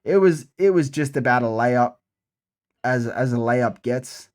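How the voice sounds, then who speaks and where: A man's voice: mid-range voice, lively intonation, a little slow. A young man giving a casual, profane breakdown of upcoming fights, repeating himself for emphasis. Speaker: MMA fight predictor.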